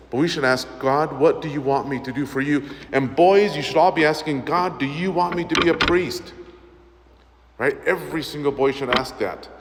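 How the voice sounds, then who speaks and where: A man in his fifties, a parish priest, giving an animated virtue talk to schoolchildren in a large church, quizzing them and stressing key phrases. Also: medium pitch. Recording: long church reverb, faint background noise.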